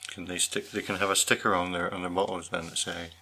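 A man's voice: low voice, flat delivery, fast talker, very noisy. A man co-hosting a podcast in casual chat, wry and jokey, often trailing into laughs. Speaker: podcast co-host.

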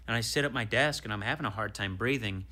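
A man in his thirties, a comedian guest, telling a story in casual chat, animated and swearing as he acts out what people said. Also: fairly low pitch, fast.

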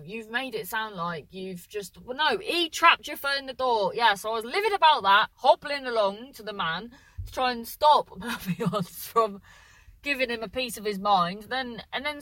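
Bright, rambling woman telling a story. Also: fairly high pitch, animated, moderate pace, no room sound, low-quality recording. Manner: rambling, self-correcting, with lots of "so then"; swears casually, acts out voices in quotes. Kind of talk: casual anecdote.

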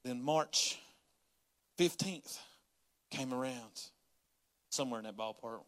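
A man preaching a sermon as a pastor, folksy and conversational, rising to loud pleading. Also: medium pitch, slow. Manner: folksy Southern-style preaching, rising to yelling in acted prayers.

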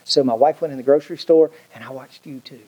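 Folksy pastor preaching. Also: male voice, fast, warm tone, husky, lo-fi sound. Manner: folksy storytelling preacher, swooping pitch, colloquial Southern grammar. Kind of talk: sermon.

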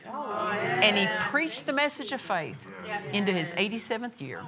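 A woman preaching in a rhythmic, emphatic style. Her voice sits at a middle pitch for a woman. She leans into repeated phrases and pushes them out with force. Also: sing-song, moderate pace, over a noisy crowd. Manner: rhythmic call-and-response preaching, rising to emphatic shouts. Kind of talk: sermon.

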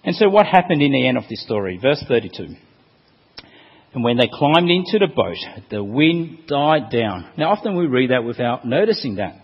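A man preaching a sermon, expressive, asking rhetorical questions and quoting scripture with emphasis. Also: medium pitch, normal speed, husky. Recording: long hall reverb, dull lo-fi sound.

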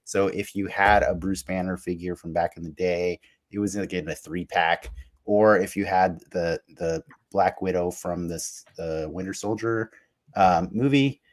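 A man co-hosting a casual podcast chat, talking in an animated way with frequent fillers. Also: low voice, measured pace. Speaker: podcast co-host.

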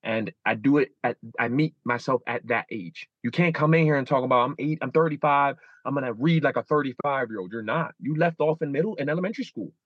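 A guest in his thirties speaks earnestly in an emotional interview, with frequent repeats and restarts and acted-out inner voices. His mid-range voice moves quickly with few pauses, and the dull audio has no room sound.

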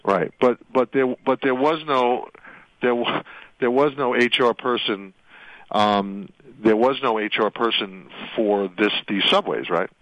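A man's voice: medium pitch, measured pace, a bit bright, no room sound. A man hosting a radio interview as an attorney, walking his guest through her story with rambling leading questions that keep ending in "right?". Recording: dull radio audio.

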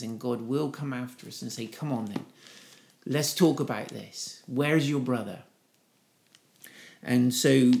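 A middle-aged man preaching in a conversational way, lifting his voice when reading scripture aloud. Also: medium pitch. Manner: conversational, reads scripture with raised voice for quotes. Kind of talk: informal Bible teaching.

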